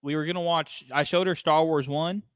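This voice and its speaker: A man's voice: fairly high pitch, fairly even intonation, fairly quick, clear, resonant tone, no room sound, clean studio sound. A young man filling in as a guest co-host in a casual chat, joking, swearing freely and laughing often.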